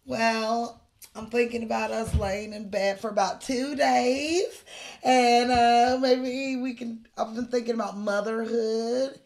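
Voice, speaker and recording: A woman's voice: on the high side, little pitch movement, takes it slowly, vocal fry, darkish tone. A woman reading as a dreamy outlaw bride. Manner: casual, unrehearsed scene read. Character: dreamy young outlaw woman, half of a killer couple.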